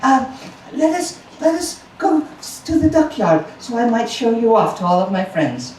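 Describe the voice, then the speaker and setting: A man's voice: extremely high pitch, big pitch swings, moderate pace, darkish tone, slight background noise, voice pushed up. A man voicing a fussy, protective mother duck in a told story, earnest and fluttery. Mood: pleased. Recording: roomy live recording from a distance.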